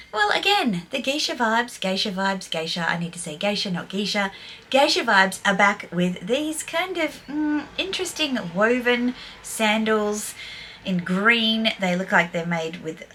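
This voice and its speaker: A woman's voice: medium pitch, fairly bright tone, slight background noise. Blunt older woman vlogger. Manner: blunt, scathing, playful. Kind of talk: opinionated fashion commentary.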